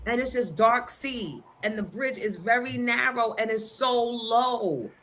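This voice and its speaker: A woman's voice: fairly high pitch, unhurried. Chatty woman hosting a morning stream. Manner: chatty, shoutouts to viewers, playful, breaks into song. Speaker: host of a live morning stream. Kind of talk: casual live-stream chat. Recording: music playing clearly behind.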